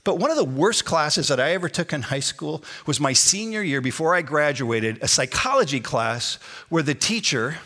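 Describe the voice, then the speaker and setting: A man's voice: fairly high pitch, animated, normal speed, pushed and bright. A pastor in his sixties preaching a sermon, emphatic, repeating key phrases with a rising inflection. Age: 60s.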